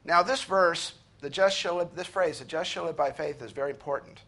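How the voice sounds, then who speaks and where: A man preaching an earnest sermon, slowing down and lifting his voice when he reads scripture aloud. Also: on the high side, pushed and bright. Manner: earnest preaching, slows and rises to read scripture. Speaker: pastor.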